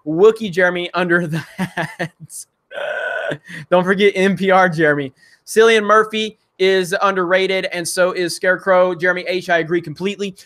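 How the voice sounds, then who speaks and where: A high, bright voice with a forceful tone belongs to a man running a casual live stream. He reads viewer messages aloud, laughs frequently, and talks loosely with many fillers.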